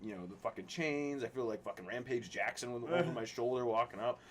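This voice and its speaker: A man's voice: mid-range voice, fast talker. A young man telling stories in casual chat, ranting and swearing freely. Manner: profane, ranting storyteller. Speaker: podcast guest. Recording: faint background noise.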